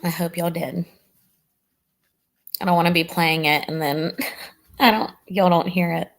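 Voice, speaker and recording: A woman's voice: fairly low pitch, steady tone, unhurried. A woman hosting a casual true crime livestream, chatting with viewers. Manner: chatty, warm toward chat, says "y'all" often.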